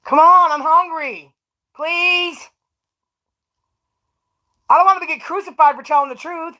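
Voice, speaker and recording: A woman's voice: very high-pitched, unhurried, bright, forceful tone, lo-fi sound, pitched above the performer's own voice, heavily acted. A woman voicing a man streamer who whines and pleads for cash, in a whiny, pleading voice. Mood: whiny begging.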